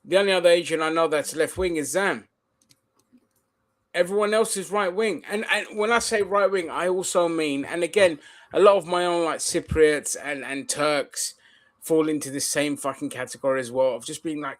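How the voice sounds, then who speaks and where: A man's voice: fairly high pitch, normal speed. A man hosting a casual podcast chat, talking animatedly and swearing, explaining things at length. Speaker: podcast host.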